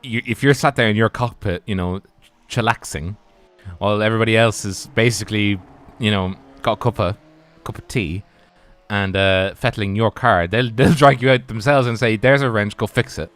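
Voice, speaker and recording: A man's voice: fairly low pitch, normal speed, fairly bright tone. A man doing casual, rambling live sim racing commentary. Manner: rambling, chatty, lots of restarts. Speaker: race commentator.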